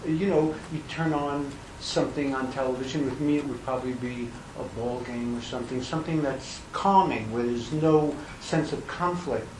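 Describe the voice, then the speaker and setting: An older man, a film director answering questions at a press conference, speaking haltingly with restarts and self-deprecation. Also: medium pitch. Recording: echoey room with background noise.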